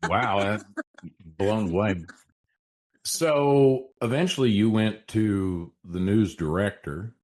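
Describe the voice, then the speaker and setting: Casting: male podcast host, very deep voice, easygoing interviewer. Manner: relaxed, quick questions with short agreements. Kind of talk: casual interview.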